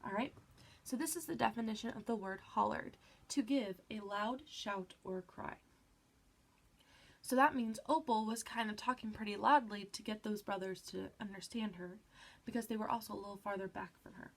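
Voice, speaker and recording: Brisk, mid-range, and with vocal fry, this stuffy-nosed teacher walks kids through a reading lesson with patience and encouragement, checking in often by saying "all right."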